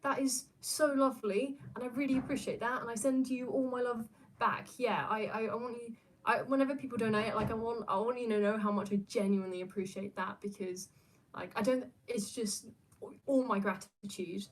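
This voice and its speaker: A woman's voice: fairly high pitch, steady tone, brisk, a little hiss or hum. Young Aussie woman streamer, rambly casual chat full of ums and restarts. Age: young adult. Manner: rambling, many fillers and restarts, laughs often. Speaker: streamer answering viewer questions.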